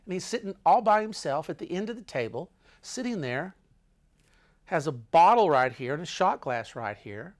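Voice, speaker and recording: A man's voice: fairly high pitch, big pitch swings, normal speed. A man telling a travel story casually, wandering off into asides and restarting his sentences. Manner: meandering, full of restarts and asides.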